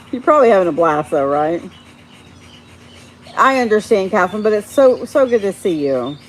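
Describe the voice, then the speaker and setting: A woman hosting a casual live stream, chatting warmly with viewers by name and laughing often. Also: medium pitch, sing-song, unhurried, long pauses, a little hiss or hum. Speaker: livestream host reading viewer chat.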